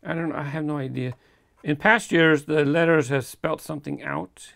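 Gravelly-voiced man chatting through an unboxing. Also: a little high, steady tone, normal speed, a bit bright, dry recording, studio quality. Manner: chatty, easygoing, chuckles between remarks. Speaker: toy car collector host. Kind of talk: casual unboxing commentary.

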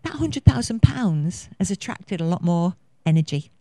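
A woman's voice: on the low side, big pitch swings, moderate pace, mellow, no room sound. Passionate woman in her fifties. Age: 50s. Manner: effusive and passionate, rambling with many fillers. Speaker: conference speaker. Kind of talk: conference talk. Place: conference venue.

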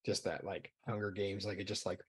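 Low, husky man running a tabletop game. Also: flat delivery, fairly bright tone. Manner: halting, repeats words. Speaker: game master.

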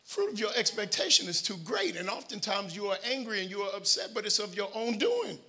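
Bright, high-pitched preaching man. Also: brisk. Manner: animated preaching, swings from shouting to quiet asides, joking with the congregation. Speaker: pastor. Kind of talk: sermon. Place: church sanctuary.

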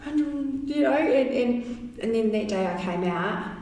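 A woman, telling her story as an interview guest in a chatty, animated way full of fillers. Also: fairly high pitch, a little slow. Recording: very echoey room, distant mic, faint noise.

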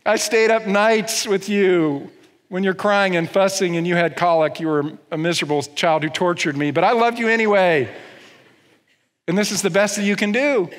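A man playing an exasperated mother who scolds her grown child slowly and emphatically. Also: sits high, fairly even intonation, a bit bright, pitched above the performer's own voice. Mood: indignant. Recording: long church reverb.

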